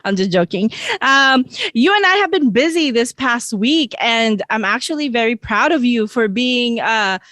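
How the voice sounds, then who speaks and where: A bubbly woman host chats casually on her podcast, laughing often. Her voice is a touch high, recorded dry and close. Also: lively intonation, normal speed, few pauses, pushed and bright, dry recording.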